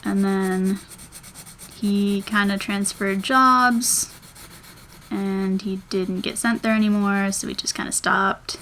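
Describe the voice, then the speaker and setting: A young woman in her twenties chats casually as she draws. Her voice sits at an ordinary middle pitch, and she rambles and thinks out loud in an easy vlogger way. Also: fairly even intonation, slow, a little hiss or hum. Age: 20s. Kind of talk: casual chat while drawing.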